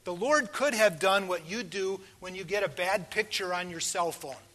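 A man in his sixties delivers a sermon, putting questions to the congregation and swinging between hushed pauses and loud emphasis. He has a high voice.

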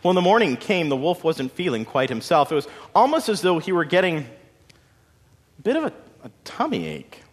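A man narrating a story in a dramatic, expressive way with folksy asides. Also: on the high side, normal speed, breathy edge. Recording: long hall reverb.

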